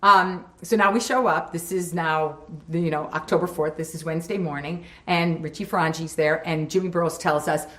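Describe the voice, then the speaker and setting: A woman tells an anecdote with lively energy, her voice bright and forceful. The recording has a noticeably echoey room sound. She narrates as an interviewee looking back on events. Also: deep voice, brisk, few pauses. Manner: lively, acts out quoted voices. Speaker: interviewee recalling a studio incident. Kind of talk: anecdotal storytelling.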